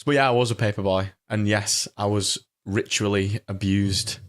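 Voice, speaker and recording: A young man co-hosting a podcast in casual banter, grumpy and deadpan. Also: lowish voice, normal speed, very noisy. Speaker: podcast co-host.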